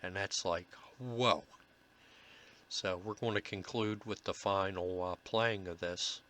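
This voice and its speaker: A man, a paranormal investigator, narrating commentary over his own recordings in a halting, earnest way with many filler pauses. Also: sits low, fairly even intonation, a bit bright.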